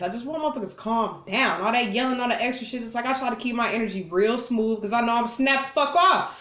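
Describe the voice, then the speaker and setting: Woman, vlogger, casual talk to camera, blunt, profane, acts out quarrels, mid-pitched voice, echoey room. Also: a bit bright. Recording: roomy echo.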